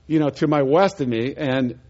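Animated man telling a sermon story. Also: medium pitch, moderate pace, dull audio. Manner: animated, chuckling storyteller, voices the people in his story. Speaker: preacher telling a testimony.

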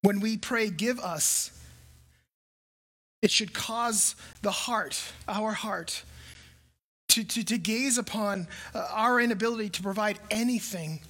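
A woman preaching a sermon, emphatic and deliberate, repeating key phrases with pauses between them. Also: mid-range voice, fairly bright tone.

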